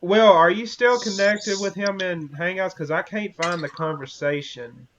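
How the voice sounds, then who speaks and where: A man's voice: sits high, unhurried, fairly bright tone. A man hosting a casual live stream, easygoing and struggling to hold back his laughter. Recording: lo-fi audio with crowd chatter behind.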